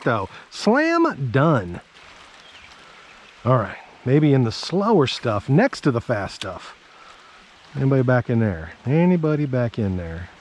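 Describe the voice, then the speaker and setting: A man fishing from a creek bank outdoors, giving excitable casual commentary and talking to himself and his viewers. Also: medium pitch. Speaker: fishing vlogger.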